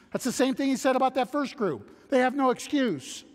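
High-voiced man preaching in a reverberant hall. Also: expressive, brisk, hardly any pauses. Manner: reads scripture aloud and voices imagined objectors; earnest, conversational teaching with rhetorical questions. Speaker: pastor. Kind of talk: expository sermon.

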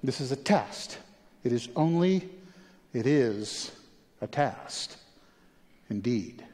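A male pastor delivering a sermon, moving between quiet questions and animated, urgent pleading. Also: medium pitch, takes it slowly, big-room sound.

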